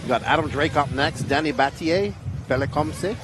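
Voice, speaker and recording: A man's voice: on the high side, normal speed, noisy background. A man commenting on a race stream in an easygoing, plain-spoken way. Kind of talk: casual commentary. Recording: music playing under the voices.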